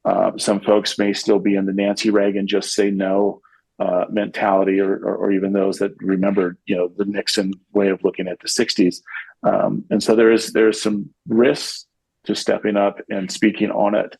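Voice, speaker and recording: A man talks in a relaxed, rambling way, often restarting his sentences. His voice sits low and sounds husky. It is recorded close and dry, with no room sound. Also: moderate pace, dry recording, rough recording. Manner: rambling with frequent restarts and fillers. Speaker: podcast guest, CEO. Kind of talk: casual conversational interview.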